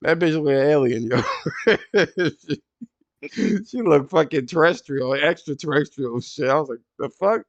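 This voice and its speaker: A man hosting a casual podcast, telling stories in an animated, profane way and jumping high when he quotes people. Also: normal speed, creaky, no room sound, dull audio. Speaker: podcast host.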